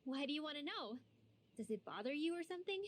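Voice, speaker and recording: An actress playing a sharp-tongued young female mage in a game, dry and teasing. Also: high-pitched, expressive, fast talker. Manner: dry, teasing, matter-of-fact. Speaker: game character. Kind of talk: game dialogue acting. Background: game music.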